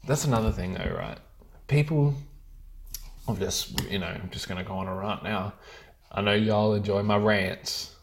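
A man vlogging in rambling, profane casual chat, with many filler words. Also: deep voice.

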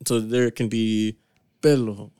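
A man's voice: lowish voice, fairly even intonation, slow pace, dark tone, clear, resonant tone, dry recording, studio quality. A young man trading crude jokes as a podcast co-host, laughing often and calling his friend "fool". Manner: laughs a lot, slangy, says "fool". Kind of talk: crude casual banter.

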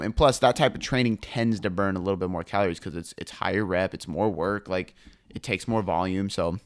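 A young man with a lowish voice talks fitness in a loose podcast chat. He speaks fast and animated and swears casually. The sound is dry and close. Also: clean tone, dry recording. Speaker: fitness trainer.

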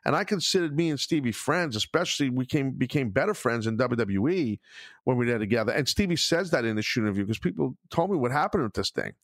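A man's voice: mid-range voice, lively intonation, fast, dry recording, clean studio sound. Blunt, profane middle-aged man host. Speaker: podcast host. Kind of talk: casual podcast chat.

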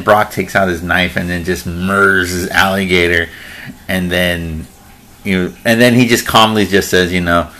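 A man chatting casually about movies, telling stories in a relaxed, rambling way. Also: low voice, moderate pace. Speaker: movie reviewer.

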